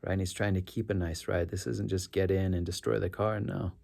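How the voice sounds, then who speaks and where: A middle-aged rideshare driver shares a story casually and earnestly, rambling and correcting himself along the way. His low voice moves little in pitch, comes out brisk with vocal fry, and is a little mellow.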